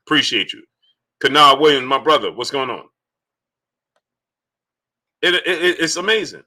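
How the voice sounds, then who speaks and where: A man's voice: medium pitch, expressive, normal speed, pushed and bright. A man hosting a casual sports livestream, greeting viewers by name and repeating himself as he talks. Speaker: livestream sports host reading Super Chats. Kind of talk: casual live-stream talk.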